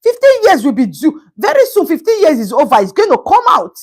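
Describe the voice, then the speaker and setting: A woman talks through a live stream in a high voice. Her pitch swings widely as she comments, and she breaks off to greet viewers by name. She slips into Pidgin asides. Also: huge pitch swings, a little fast.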